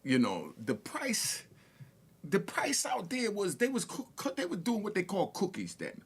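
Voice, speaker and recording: A man's voice: high voice, wildly swooping pitch, a little slow, husky. A man from Harlem, casually telling street stories with stammered restarts and laughter. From Harlem, New York. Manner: laid-back, repetitive, stammering restarts and laughs. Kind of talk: casual storytelling.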